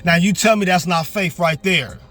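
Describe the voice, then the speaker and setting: A young man delivers a fervent, repetitive sermon from inside his parked car. His voice sits high for a man, and faint music plays beneath his preaching. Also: moderate pace, a bit bright. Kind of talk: motivational sermon.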